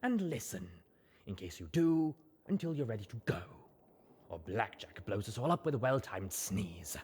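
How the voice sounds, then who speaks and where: Brief: male reader as a dry, calm pony mare, a bit raised and husky, fan audiobook. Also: on the low side, normal speed. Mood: steady. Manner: calm, dry, soft-spoken. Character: tough young mare, snide but now calm and soothing. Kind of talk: audiobook character reading.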